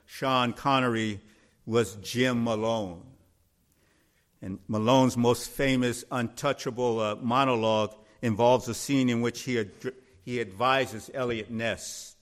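A man preaching a sermon, slow and deliberate, building to emphatic peaks. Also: medium pitch, steady tone. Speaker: pastor.

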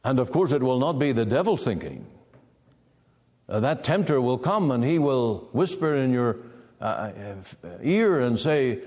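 A man preaching a sermon, emphatic, with wide swings of pitch. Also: animated, measured pace, a little mellow, big-room sound.

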